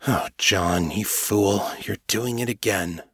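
A man's voice: on the low side, takes it slowly, fairly bright tone, slightly rough, no room sound, clean studio sound, full character voice. Man doing a sly, mocking skunk-morph mage.

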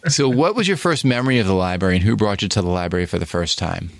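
A man's voice: deep voice, expressive, fast, creaky, dry recording. A man with a New York accent, hosting a podcast interview and speaking with effusive enthusiasm. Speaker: podcast host.

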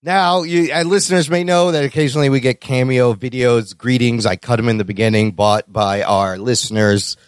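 A man's voice: medium pitch, flat delivery, moderate pace, few pauses, clear, resonant tone, no echo, studio quality. A man hosting a podcast in casual chat, talking eagerly with many restarts. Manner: talkative, enthusiastic, many restarts. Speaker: podcast host.

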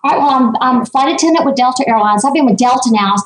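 Woman, fifties, animated interview guest, high voice, roomy echo. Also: racing. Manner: animated storyteller, emphatic. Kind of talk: casual interview chat.

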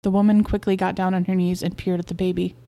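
A woman podcast host narrating a short story in a steady, measured way. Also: on the low side, creaky.

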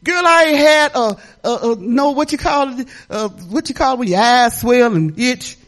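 A middle-aged woman pastor preaching a sermon in a lively, folksy way, laughing and talking back to the congregation. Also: fairly high pitch, moderate pace.

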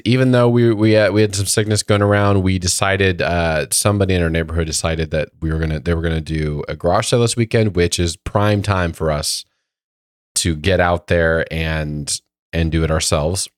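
Very low-voiced man, a bit under the weather. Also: moderate pace, clean tone, no room sound, clean studio sound. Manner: rambling storytelling with many fillers. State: voice lowered by a cold. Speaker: podcast co-host. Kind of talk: casual chat.

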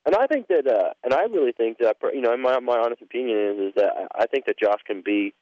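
A man calling in as a guest, talking in a halting way with many fillers and repeated words. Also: mid-range voice, expressive, no echo, highs cut off. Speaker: phone-in guest rider. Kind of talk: casual chat.

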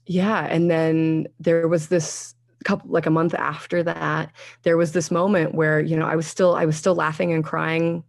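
A woman in her thirties telling a candid personal story in conversation, animated, laughing often and acting out her own past thoughts. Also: low-pitched, normal speed, vocal fry, hardly any pauses. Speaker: guest sharing a personal story.

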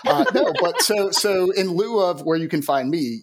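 A man co-hosting a tabletop gaming podcast, talking casually with many restarts. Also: on the high side. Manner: halting, with many restarts and laughs. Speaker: podcast co-host. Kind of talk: casual chat.

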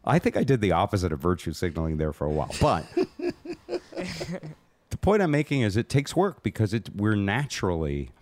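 Deep voiced guy rambling through a story on a podcast, lots of ups and downs, pokes fun at himself. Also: very animated, fairly quick, a little mellow, dry recording. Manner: rambling, self-mocking storyteller. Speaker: host. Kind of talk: casual storytelling chat.

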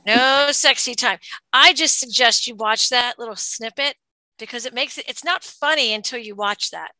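Playful woman on a podcast, higher bright voice, laughs a lot. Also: normal speed, no room sound. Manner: giggly, playful. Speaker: co-host. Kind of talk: casual podcast banter.

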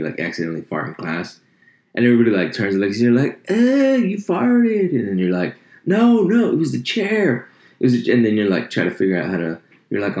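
A very deep, gravelly male voice rambles through casual, profane chat, poking fun at himself as he goes. He speaks into a desk mic in an echoey room. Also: darkish tone. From United States. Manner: rambling, profane, self-mocking. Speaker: podcast host.

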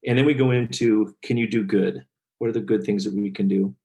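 A man's voice: fairly low pitch, a little fast. Earnest middle-aged man telling a story. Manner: earnest, animated storyteller, gets choked up. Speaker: guest, kindness speaker and author. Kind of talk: storytelling in a podcast interview.

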